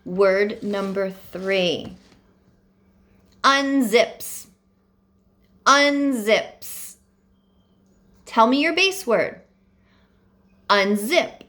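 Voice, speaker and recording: A woman teaching young students a phonics lesson, dictating words slowly and carefully with deliberate pauses. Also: medium pitch, big pitch swings, a bit bright.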